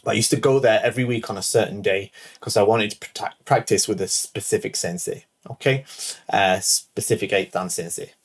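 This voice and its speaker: A man's voice: lowish voice, fairly quick, slightly rough. A man in his thirties, a show host, telling a rambling personal anecdote full of "like" and "right?". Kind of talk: casual storytelling.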